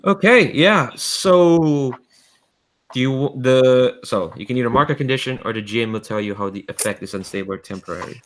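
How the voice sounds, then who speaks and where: A man serving as game master for a tabletop game narrates loosely, dropping in frequent fillers. His voice is mid-range and fairly bright, and he moves at a moderate pace.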